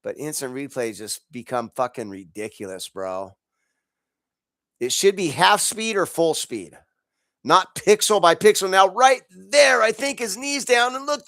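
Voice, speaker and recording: A man's voice: sits high, a bit bright, no room sound, studio quality. Profane, exasperated man ranting. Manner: angry, profane, exasperated, laughs in bursts. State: congested from allergies. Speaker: podcast host. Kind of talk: profane sports rant.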